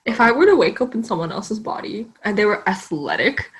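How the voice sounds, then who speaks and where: Lively, giggly young woman co-host. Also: mid-range voice, brisk. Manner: giggly, reads out the questions. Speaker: podcast co-host. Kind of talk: casual chat.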